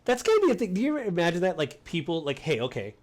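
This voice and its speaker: A man's voice: high-pitched, racing. Rambling American man chatting casually. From United States. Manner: rambling, acts out quotes in animated voices. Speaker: podcast host. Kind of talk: casual chat.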